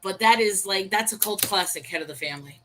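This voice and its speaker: A woman's voice: mid-range voice, fast talker, fairly bright tone, slight background noise, rough recording. A woman co-hosting a casual chat over a video call, telling stories and laughing easily. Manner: chatty, storytelling, laughs easily. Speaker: co-host.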